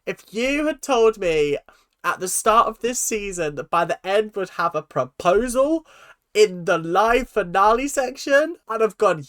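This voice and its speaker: A young man with an excitable, gushing, chatty manner, giving casual reaction commentary as a video host. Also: sits high, unhurried.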